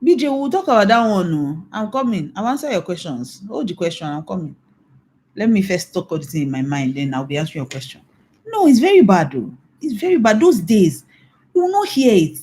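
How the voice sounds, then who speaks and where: Emphatic Nigerian woman pastor, mellow voice. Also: mid-range voice, big pitch swings, brisk. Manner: emphatic, scolding, repeats warnings. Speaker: pastor and infidelity recovery coach. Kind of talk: mentoring talk, preaching.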